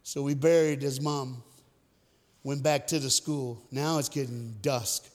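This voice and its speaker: Male guest speaker, lively and playful sermon delivery, long hall reverb. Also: medium pitch, a little slow. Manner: lively, joking, direct addresses to the crowd. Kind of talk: storytelling sermon to a youth crowd. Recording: echoey hall.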